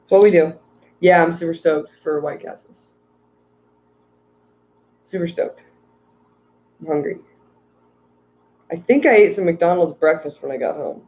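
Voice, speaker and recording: A man's voice: on the high side, measured pace, pauses often, a little mellow, dull audio. A tired man hosting a casual livestream about aquarium fish, rambling and ranting while reading out chat messages. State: tired from little sleep.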